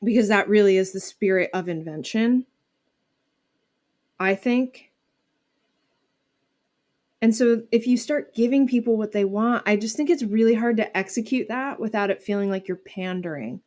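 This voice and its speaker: A woman comedian talks casually as a guest in an interview. Her speech rambles with fillers and false starts, at a middle pitch for a woman. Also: moderate pace, pauses often, a little mellow. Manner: chatty, many "like" fillers and restarts.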